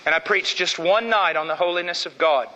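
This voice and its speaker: Middle-aged male preacher, emphatic and dramatic, bright cutting tone, church reverb. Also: high voice, fairly quick, highs cut off. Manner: emphatic, dramatic swings between loud and hushed. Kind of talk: sermon. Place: church sanctuary.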